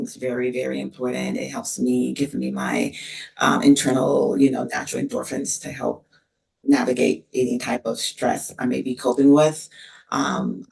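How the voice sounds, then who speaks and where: A middle-aged woman, a university dean, talking earnestly and emotionally in an interview, with many pauses and restarts. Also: a bass voice, vocal fry. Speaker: associate dean of students, podcast guest. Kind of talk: casual interview conversation. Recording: distant mic.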